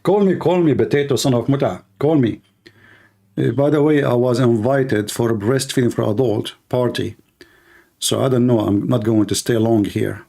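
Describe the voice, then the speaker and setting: A man's voice: mid-range voice, normal speed, vocal fry, dark tone. A man streaming live commentary, taunting and insulting his opponents in broken English. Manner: taunting, insulting, non-native grammar. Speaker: online debate streamer.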